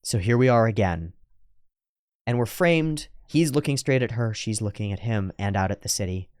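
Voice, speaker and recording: A man's voice: lowish voice, expressive, moderate pace, a little mellow, clean tone, dry recording, studio quality. A man hosting a reaction video, analyzing an anime scene and paraphrasing its dialogue with rhetorical asides.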